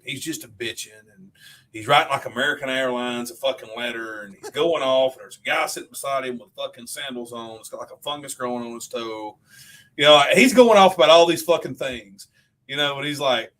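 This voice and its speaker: A man's voice: medium pitch, a little fast. A man co-hosting a podcast, telling stories in casual, profanity-laden chat. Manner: profane, animated storyteller. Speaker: podcast co-host.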